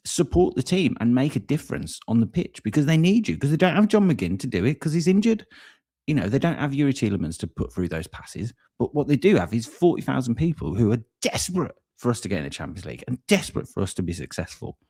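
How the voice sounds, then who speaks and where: Man, low mellow voice, earnest rallying fan talk. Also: husky. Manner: rallying, earnest, drinking beer. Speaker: fan channel co-host. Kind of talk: live post-match fan chat.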